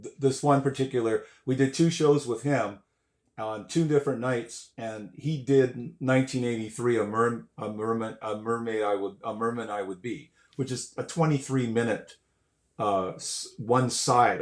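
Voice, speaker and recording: An older man, a guest musician, telling stories in a casual way, animated and swearing, acting out quotes and sounds. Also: medium pitch, normal speed. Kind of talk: casual storytelling. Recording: roomy echo.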